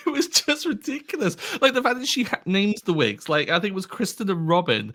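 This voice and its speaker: Bright-voiced man podcast co-host. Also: high-pitched. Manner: relaxed, agreeable, quick to laugh. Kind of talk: casual chat.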